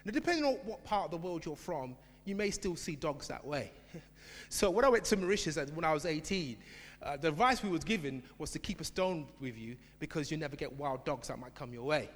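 A man preaching a sermon in a church, emphatic, swinging from shouted repetition to quiet asides. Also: fairly high pitch, expressive, fairly quick. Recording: long hall reverb.

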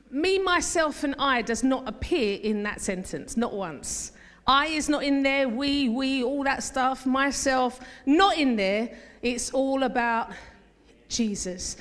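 A woman pastor delivers a sermon with an emphatic, call-and-response drive. Her voice sits fairly high, and a long reverb from the church hall trails after her words. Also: a little slow. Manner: emphatic, calls congregation to repeat phrases.

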